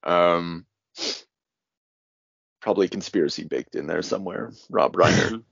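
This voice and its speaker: A man's voice: low-pitched, a little slow, creaky, fairly bright tone, no room sound. A man co-hosting a podcast in casual chat, rambling and hedging with a wry edge, recorded dull and dry. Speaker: podcast co-host.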